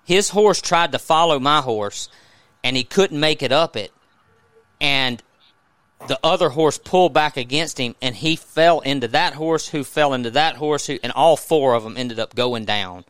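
A man with a Southern US accent, a podcast host telling a story in a casual, animated way, often restarting his sentences. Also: mid-range voice, moderate pace, clear, resonant tone, no echo.

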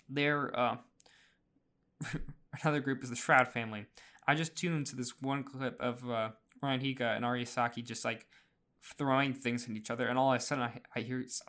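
A chatty man talking through a casual podcast recap at a middle pitch. He fills pauses with "uh" and restarts his sentences, and small laughs slip in. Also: a bit bright. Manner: chatty, laughs often, many fillers and restarts. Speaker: podcast host.

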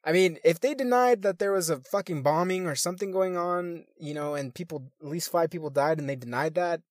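A man's voice: a little high, brisk, dry recording, studio quality. A man reading news articles aloud and adding crude, swearing comments between them, sometimes stumbling over words.

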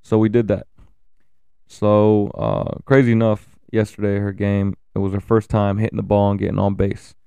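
A man in his thirties speaks with a low, gravelly voice that stays fairly flat in pitch. His tone is dark and smooth, and he talks candidly about his family, swearing freely and stopping for fillers. The sound is dry and close, with no room echo. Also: normal speed. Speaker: father sharing family updates. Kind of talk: casual personal talk to camera.

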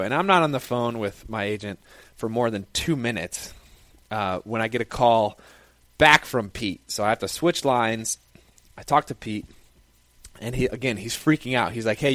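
A young man, a football player, tells a personal story in a casual, lively, conversational way. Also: mid-range voice, no room sound.

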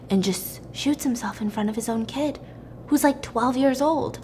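Chatty woman with a fairly high voice. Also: moderate pace, a little hiss or hum. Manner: chatty, animated, lots of "like". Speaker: podcast host. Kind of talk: casual retelling of a movie plot.

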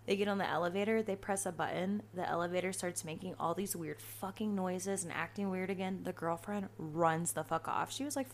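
A woman in her twenties hosting a podcast, telling stories in a casual, profane, animated way. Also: fairly low pitch, fairly quick, hardly any pauses, a little hiss or hum. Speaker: podcast host. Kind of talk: casual storytelling monologue.

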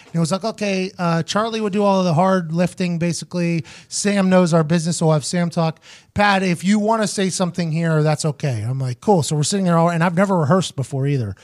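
A man hosting a podcast, telling a story in casual chat, quoting others in quick asides. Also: high-pitched. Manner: animated, quotes people in quick asides. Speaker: podcast host.

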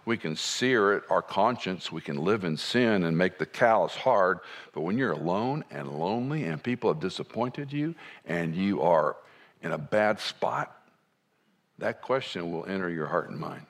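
A man preaching a sermon in a conversational way, dropping to soft asides and rising to emphatic points. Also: low-pitched, animated, normal speed. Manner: conversational, wide swings between soft and emphatic.

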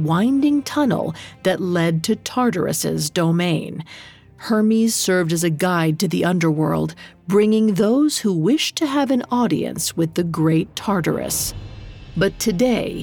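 A woman narrator reading a scripted myth in a measured, dramatic storytelling manner. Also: on the low side, darkish tone. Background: faint music.

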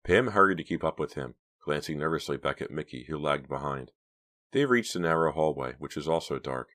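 A man narrating a novel as an audiobook, in a measured, hushed storytelling manner. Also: extremely low pitch, expressive. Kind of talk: scripted narration.

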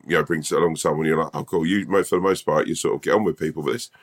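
A man co-hosting a podcast, chatting casually with expressive, quick reactions. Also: very deep voice, no room sound, clean studio sound. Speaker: podcast co-host. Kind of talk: casual chat.

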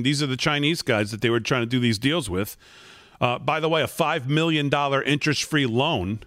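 A man's voice: medium pitch, fairly bright tone, no room sound, clean studio sound. A man reading out points on a political show. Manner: reads messages aloud, lists points. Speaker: host. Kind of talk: political commentary.

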